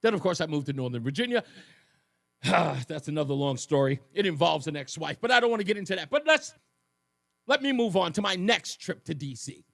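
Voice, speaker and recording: A man in his fifties hosts a talk radio show, telling personal stories in a high, lively voice that leaps up and down. He slips in sarcastic asides. The studio sound is dry and close. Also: a little fast, gravelly, dry recording. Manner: animated storytelling with sarcastic asides. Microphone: studio microphone.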